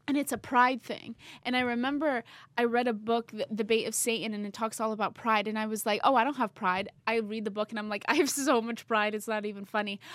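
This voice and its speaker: A woman's voice: fairly high pitch, fairly bright tone, no room sound. A young woman co-hosting a faith podcast, chatting casually, telling stories and laughing often. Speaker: podcast co-host. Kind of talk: casual chat.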